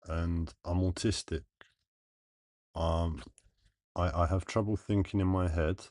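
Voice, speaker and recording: A live streamer talks slowly and earnestly to his viewers in a deep, low, slightly mellow voice. He thinks out loud in halting phrases, often pausing and starting over. The sound is dry and close, without room echo.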